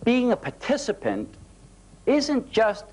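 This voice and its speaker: Animated folksy male motivational speaker. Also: very high voice, slow, slight background noise, rough recording. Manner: folksy, animated storytelling with a light laugh. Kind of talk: storytelling keynote talk.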